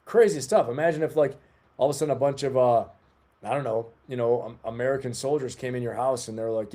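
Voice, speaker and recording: Male livestream host, forties, warm low-key tone, rambling casual delivery to the chat. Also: fast. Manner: rambling, chatty, talks to the chat. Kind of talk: casual live-stream chat.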